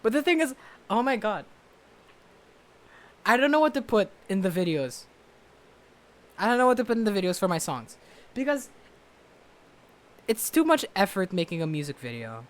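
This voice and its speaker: A loud, rambling young man talks into his laptop camera from his bedroom, mocking himself as he goes. His voice sits high for a man. The tone is an easy, unscripted vlog chat. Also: big pitch swings, moderate pace, pauses often. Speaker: vlogger and musician. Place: bedroom at home. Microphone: webcam or laptop camera.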